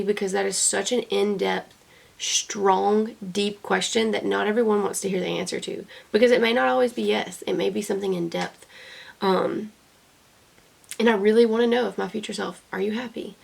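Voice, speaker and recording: Gravelly-voiced young woman, earnest diary talk. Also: mid-range voice, normal speed. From United States. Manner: earnest, rambling, many fillers and restarts. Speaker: beauty vlogger. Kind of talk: personal video diary.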